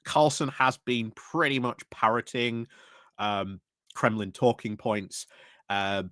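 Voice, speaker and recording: A man's voice: mid-range voice, slow, sharp tone, dry recording, studio quality. Man chatting loosely about politics. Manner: rambling, frequent fillers and restarts, laughs while talking. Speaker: podcast panelist. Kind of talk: casual political chat.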